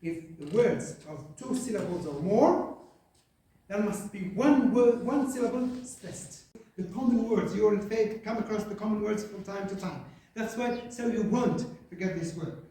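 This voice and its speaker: A man's voice: high voice, mellow. Guy teaching english class, lots of uhs and right?, far off mic in a super echoey room. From Algeria. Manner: halting, many fillers, checks in with "right?". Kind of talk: classroom lesson.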